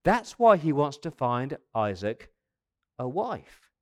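A man in his fifties preaching a sermon as pastor, in a lively, conversational way with asides and quick restarts. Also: medium pitch. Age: 50s.

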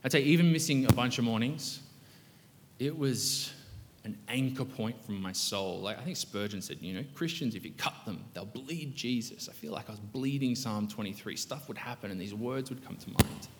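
A man preaching a sermon as pastor, animated and swinging between loud emphatic bursts and quiet reflective stretches. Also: mid-range voice, moderate pace. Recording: long hall reverb.

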